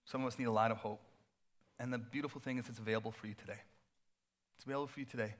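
A man preaching a sermon as pastor, in a casual, animated way with playful asides. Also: mid-range voice, racing.

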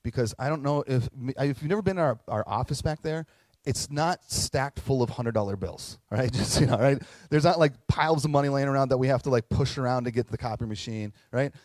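A middle-aged man preaches in an earnest, conversational way, moving through stories and slipping into quoted voices. His pitch sits in an ordinary middle range. The sound is dry and close, with little room echo. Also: a little fast, a little mellow. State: tearing up at moments. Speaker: pastor. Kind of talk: sermon.

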